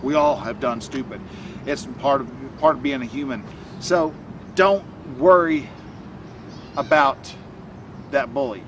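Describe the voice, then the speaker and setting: A man's voice: mid-range voice, lively intonation, measured pace, vocal fry, long pauses, recorded from a distance, noisy background. A man speaking casually to camera as a self-help coach, rambling and restarting often with many fillers. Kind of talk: casual motivational talk to camera.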